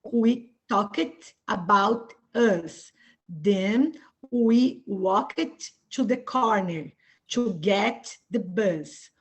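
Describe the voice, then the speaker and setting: A woman student reading a practice text aloud, carefully and deliberately. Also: mid-range voice.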